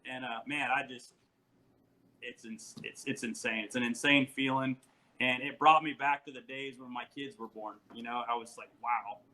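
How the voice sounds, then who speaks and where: Man, forties, podcast guest, storytelling, animated, laughing, bright tone. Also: medium pitch, normal speed, low-quality recording. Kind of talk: casual podcast chat.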